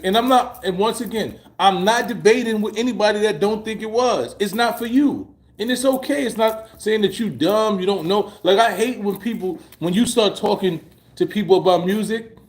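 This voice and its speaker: High-voiced man riffing emphatically. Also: normal speed. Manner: emphatic, repetitive and profane, drifting high when he presses a point. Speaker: vlogger reacting to a halftime show. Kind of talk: casual opinion commentary.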